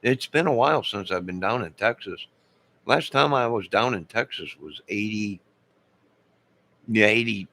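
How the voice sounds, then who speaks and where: A man's voice: fairly low pitch, sharp tone. A man in his fifties chatting live with viewers, rambling and losing his train of thought. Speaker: live streamer.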